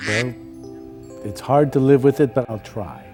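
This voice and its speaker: A man doing deadpan comic banter as a mock-neurotic therapy patient, stammering at times. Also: mid-range voice, measured pace, faint music behind. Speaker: therapy patient in a comedy sketch.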